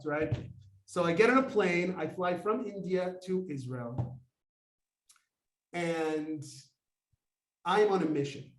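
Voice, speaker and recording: Animated male storyteller, acts out dialogue, slightly high voice, roomy echo. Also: slow pace, pauses often. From United States. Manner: animated, acts out dialogue, asks the audience questions. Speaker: speaker. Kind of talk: personal story told to a live audience.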